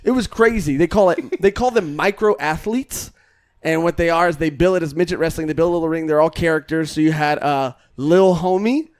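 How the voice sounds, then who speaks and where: A man's voice: fairly high pitch, fairly quick. A man co-hosting a comedy podcast, joking around and telling stories with animation. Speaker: podcast co-host. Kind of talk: casual comedic podcast banter.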